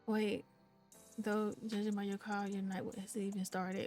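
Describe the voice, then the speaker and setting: A woman's voice: medium pitch, little pitch movement, measured pace, a little mellow, faint music behind. A woman giving casual, playful commentary on a life-simulation game, chatting to her viewers and to the characters on screen. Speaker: gameplay commentator.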